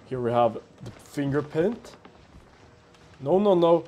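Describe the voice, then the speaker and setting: A man's voice: fairly high pitch, animated, takes it slowly, pauses often, darkish tone, a little hiss or hum. A man playing a horror game for a let's play, talking to himself in a jumpy, nervous way, swearing and laughing nervously.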